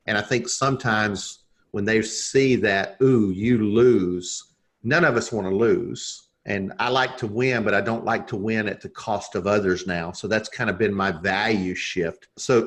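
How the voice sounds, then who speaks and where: A man with a somewhat low voice, speaking as a guest on a podcast interview. He tells his story in an earnest, reflective way, the way a coach talks through a lesson. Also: steady tone, normal speed, few pauses, a bit bright.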